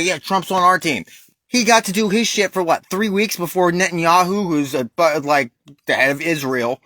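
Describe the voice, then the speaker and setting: An American man rants at length, hot and swearing constantly, with a raised voice that sounds bright and forceful. The sound is dry and close, with no room echo. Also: a little high. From United States. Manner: profane, heated, emphatic ranting. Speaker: vlogger. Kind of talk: ranting monologue.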